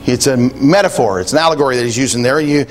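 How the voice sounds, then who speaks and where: A man's voice: mid-range voice, quick pace. A man preaching a sermon in a conversational way, thinking aloud with frequent restarts and quoting scripture. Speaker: pastor.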